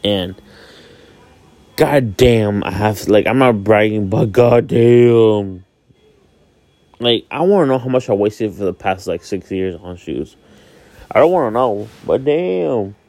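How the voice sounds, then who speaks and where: A man in his twenties from Miami, Florida, sleepy and yawning, delivers a casual vlog monologue in an expressive, low-leaning, slightly mellow voice, unhurried and with no echo. He rambles candidly, swears freely and uses plenty of fillers.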